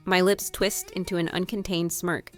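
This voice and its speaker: A woman narrating her own novel as an audiobook, reading in the first person with expressive delivery. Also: lowish voice, normal speed, soft background music. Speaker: author and narrator.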